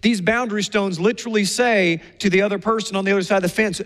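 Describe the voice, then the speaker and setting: A man with a high voice delivers a sermon, telling stories with energy and acting out the people he quotes. His voice rings through a large hall with a long reverb. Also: steady tone, fast, few pauses, a bit bright. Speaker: pastor.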